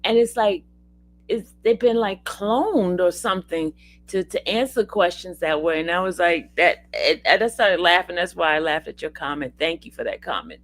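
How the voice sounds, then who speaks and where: A woman's voice: on the low side, normal speed. A woman hosting casual commentary, chatty and talking straight to her viewers. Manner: chatty, addresses viewers as "y'all".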